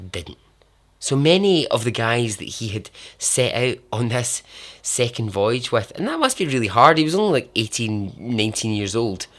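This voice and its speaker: A man hosting a podcast, telling true survival stories in a casual way, repeating words for emphasis and letting phrases trail off softly. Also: mid-range voice. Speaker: podcast host. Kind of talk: casual storytelling narration.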